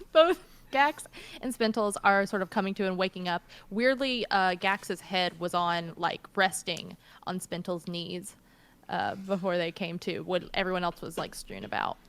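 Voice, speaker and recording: A woman's voice: on the low side, animated, unhurried, a bit bright. A woman narrating a tabletop game as game master, describing scenes loosely with plenty of fillers.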